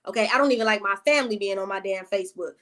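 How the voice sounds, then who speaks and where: A woman's voice: mid-range voice, rapid-fire, fairly bright tone. A woman vlogger telling a personal storytime in casual, profane talk that keeps drifting into side tangents aimed at her viewers.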